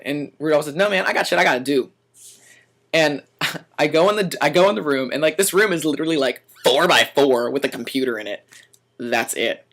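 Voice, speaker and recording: A man's voice: fairly high pitch, creaky, fairly bright tone. A young man vlogging, telling a story in a dramatic, profane way and acting out quoted lines. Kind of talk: animated storytelling.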